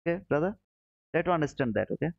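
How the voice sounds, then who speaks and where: A man with a non-native English accent talks casually on a live stream, patiently repeating his points and calling out viewers in chat. His mid-pitched voice is recorded close and dry, with slightly dull, muffled audio. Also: lively intonation, gravelly, no echo. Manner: explains slowly, repeats points, answers chat by name. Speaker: livestream trading host.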